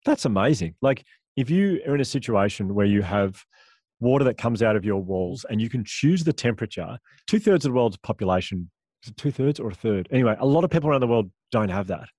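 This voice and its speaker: Fast-talking man telling stories. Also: mid-range voice, no room sound, clean studio sound. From Australia. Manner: animated storyteller, quick asides and quoted dialogue. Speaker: author and guest. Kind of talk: casual podcast interview.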